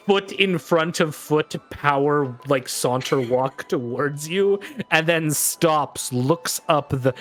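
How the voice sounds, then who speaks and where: A man's voice: medium pitch, a bit bright. Man running a tabletop game. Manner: chatty, fast bursts with many fillers. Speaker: game master.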